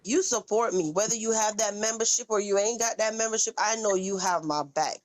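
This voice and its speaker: A woman's voice: medium pitch, brisk, a loud crowd. Angry, profane Southern woman ranting. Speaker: livestream host. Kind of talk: heated livestream rant.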